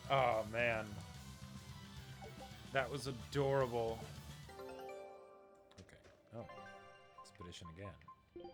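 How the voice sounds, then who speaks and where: A man giving rambling, excitable commentary while streaming a video game. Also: medium pitch, slow, pauses often. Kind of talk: casual gameplay commentary. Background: faint game music.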